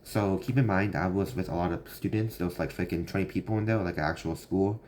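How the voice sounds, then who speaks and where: Speaking fast in a very low, darkish voice, a young man tells a rambling, filler-heavy story. The clip feels like an offhand vlog monologue, and there's faint background noise.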